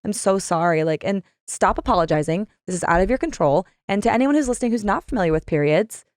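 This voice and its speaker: A young adult woman co-hosting a podcast, talking quickly and with real feeling about her work life. Her voice sits in a middle pitch and is recorded close and dry, with no room sound. She is candid and open. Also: animated, dry recording. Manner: candid and impassioned, talks fast. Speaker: podcast co-host. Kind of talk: casual chat.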